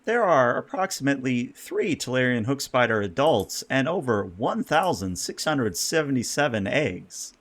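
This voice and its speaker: Plain, measured starship computer, voiced by a man. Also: mid-range voice, big pitch swings, fairly bright tone. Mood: neutral. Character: flat male starship computer.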